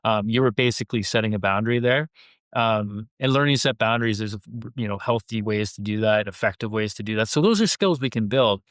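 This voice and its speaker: A man's voice: medium pitch, a bit bright, clear, resonant tone, no echo. A man, an airline pilot and leadership coach, animatedly telling a workplace story with quoted dialogue on a podcast. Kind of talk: conversational storytelling.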